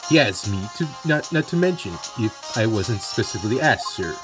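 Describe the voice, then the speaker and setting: A man's voice: mid-range voice, very animated, moderate pace, lightly acted. A man voicing a nervous young male hotel bellboy who stammers and speaks in a put-on foreign accent. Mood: stammering. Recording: music playing behind.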